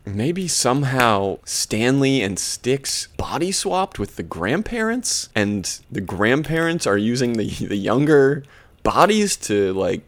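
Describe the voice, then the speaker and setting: A man's voice: medium pitch, sing-song, slow. A man hosting a podcast, casually recapping an episode in a rambling, jokey way. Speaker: podcast host.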